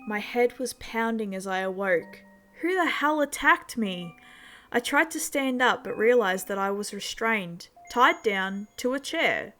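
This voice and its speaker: A woman narrating a horror story in a measured, steady storytelling manner. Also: a little high.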